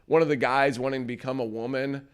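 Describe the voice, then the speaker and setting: A young man co-hosting a morning talk show, telling stories with animated quoted voices in casual chat. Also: quick pace, smooth. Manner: animated storyteller, acts out quotes in loud high voices.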